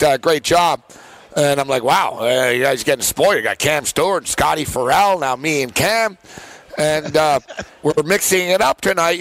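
A man hosting a sports betting talk show, telling animated stories with lots of fillers and laughs. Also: fairly high pitch, no room sound. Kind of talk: casual sports betting chat.

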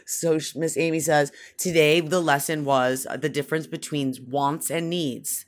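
A woman's voice: sits low, normal speed, few pauses. A woman in her forties co-hosting a radio show, chatting and telling stories with plenty of exclamation. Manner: animated, exclamatory, storytelling. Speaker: radio co-host. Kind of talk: casual radio banter.

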